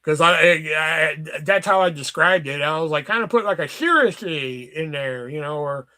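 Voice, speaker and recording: A man's voice: on the high side, expressive, moderate pace, pushed and bright. A man casually rambling through work stories on his livestream, swearing often and restarting sentences. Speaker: livestream host. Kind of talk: casual storytelling chat.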